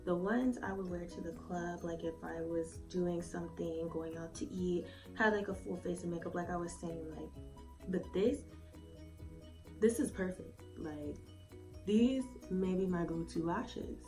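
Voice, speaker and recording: A woman's voice: fairly low pitch, measured pace. A woman giving a casual, rambling review at home, swearing freely and filling her speech with "like" and "um". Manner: chatty, swears freely, lots of "like" and "um". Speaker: beauty vlogger. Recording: slightly distant mic with faint music.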